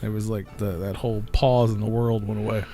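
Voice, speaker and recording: A man's voice: lowish voice, little pitch movement, a little fast, mellow, a little hiss or hum. A man hosting a live podcast, chiming into a shared story in casual, laid-back chat. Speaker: podcast host.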